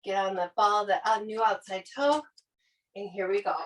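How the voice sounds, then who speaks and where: A woman's voice: medium pitch, normal speed, far from the mic, rough recording. A woman fitness instructor coaching a workout with upbeat, encouraging cues, out of breath.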